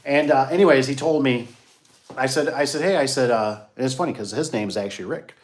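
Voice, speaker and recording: Male business owner, casual vlog ramble, folksy and repetitive, mid-pitched. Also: brisk. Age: adult, grew up locally. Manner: rambling, repeats himself, folksy asides. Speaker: garage door business owner. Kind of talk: casual rambling monologue to viewers.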